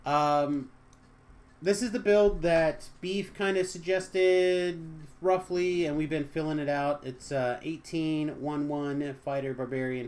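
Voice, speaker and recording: A young man chatting casually with viewers on a live game stream, joking and trailing off into quiet asides. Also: on the high side.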